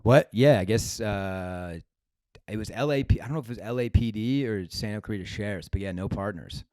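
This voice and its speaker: Young man, comedy podcast co-host, animated swearing storyteller, dry close sound. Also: lowish voice, fairly quick, dry recording. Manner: animated, profane anecdote telling. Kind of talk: casual storytelling chat.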